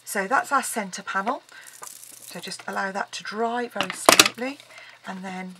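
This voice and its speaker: A woman's voice: medium pitch, measured pace. A woman explaining a card-making project in a casual tutorial, chatting as she works with frequent ums. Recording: loud background noise.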